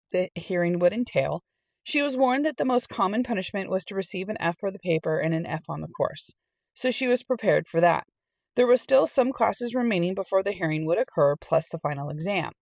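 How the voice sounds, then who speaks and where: A middle-aged woman reading a storytime aloud and telling her own college story in a chatty, animated way. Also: mid-range voice, creaky, no room sound. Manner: chatty and animated, acts out quoted people. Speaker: storytime reader and channel host. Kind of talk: casual storytime reading with personal anecdote.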